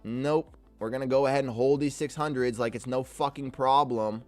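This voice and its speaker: A man streaming live trades, talking to the market, reading chat aloud and swinging between loud cursing outbursts and low muttering. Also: fairly even intonation, moderate pace, few pauses, dry recording, faint music behind.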